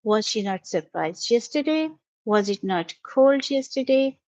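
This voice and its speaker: A woman teaching basic English grammar, explaining each step slowly and patiently over a screen lesson. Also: a little high, animated, darkish tone, no room sound. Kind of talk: slow, careful classroom explanation. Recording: dull, dry lo-fi audio.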